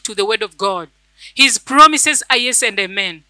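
A woman's voice: mid-range voice, lively intonation, moderate pace, bright, forceful tone, no room sound, poor audio. A woman church elder, preaching a fervent sermon and telling a personal testimony, repeating phrases for emphasis.

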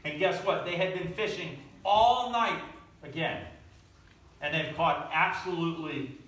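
Pastor, male, high-voiced, lively storytelling sermon, roomy distant church sound. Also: unhurried. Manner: animated, asks the audience questions. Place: church sanctuary. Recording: echoey room, from far off.

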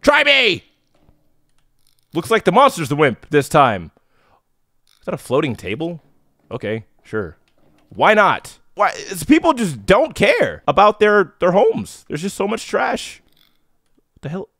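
Jittery horror gamer, male, bright lively voice that shoots up into yells. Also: sits high, measured pace, creaky, pauses often, dry recording, studio quality. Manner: yells and screams when scared; jittery, nervous joking. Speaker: let's play gamer. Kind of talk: horror game playthrough commentary.

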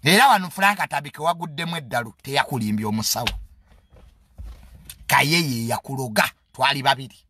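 A man's voice: mid-range voice, a little fast, pushed and bright, a little hiss or hum. A man with a Ugandan accent giving a casual, comedic monologue in a mocking, boastful tone and mixing English phrases into his talk.

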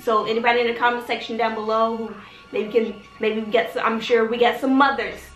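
A woman's voice: fairly high pitch, level tone, a little fast, fairly bright tone. A woman hosting a casual advice vlog, chatty and talking straight to her viewers, checking in with "okay?" all the time. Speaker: vlogger, channel host. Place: her home in Texas. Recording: roomy room with faint background music.

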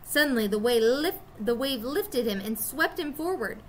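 A woman teacher reading a children's chapter book aloud to her students, expressive and storytelling. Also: fairly high pitch, normal speed, slight background noise.

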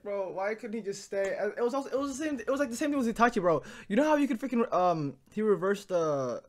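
A young man gives casual commentary as he reacts to an anime episode, getting emotional and swearing. He swings between low muttering and loud outbursts.

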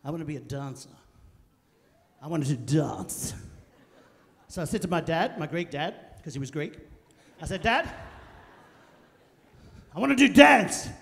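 A middle-aged man doing a loud, animated stand-up comedy routine, shouting punchlines and putting on quoted voices. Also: a little high, moderate pace, pauses often, breathy edge. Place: large theatre stage. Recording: live theatre with long reverb.

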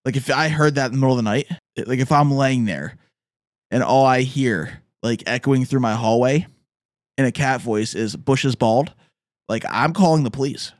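A man streaming casual reaction commentary on memes, excitable and loud at times. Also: mid-range voice, moderate pace, no echo. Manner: excitable, shouts and laughs at clips.

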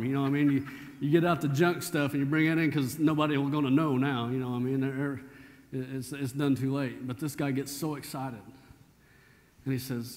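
In a church sanctuary full of hall reverb, a male pastor preaches in a folksy, storytelling manner. His voice is mid-range and darkish, with a flat delivery and a slightly fast pace.

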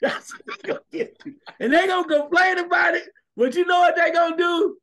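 High-pitched male radio co-host, loud, emphatic sports opinions. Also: a little fast. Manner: animated, emphatic, shouts at times.

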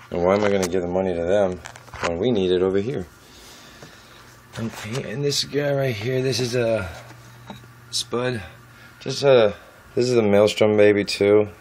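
A man talking casually about his lizards at home, softly cooing to them as he handles them on a handheld camera. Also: low-pitched, slight background noise, low-quality recording. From United States. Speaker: reptile keeper. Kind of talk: casual vlog with pet updates. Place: at home among reptile enclosures.

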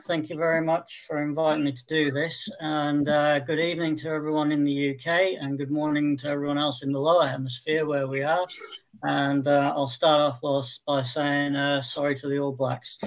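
A man being interviewed about his channel, talking in a measured, matter-of-fact way. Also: on the high side, little pitch movement, rough recording. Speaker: guest, channel owner. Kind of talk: casual video-call interview.

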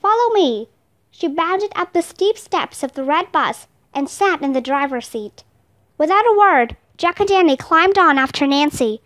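A woman reads a children's chapter book aloud in clear, steady storytelling. Her voice sits high. The narration runs at an even pace. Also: moderate pace. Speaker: reader.

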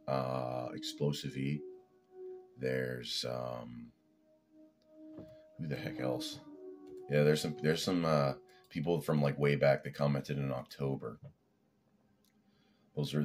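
Man with an extremely deep voice. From Canada. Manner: rambling, laid-back, swears casually. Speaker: fitness vlogger. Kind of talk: casual rambling chat.

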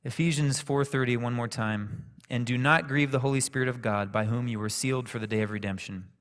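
A man preaching a sermon, telling a personal story in a calm, conversational way. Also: mid-range voice, fairly quick. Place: church sanctuary. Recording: echoey church hall reverb.

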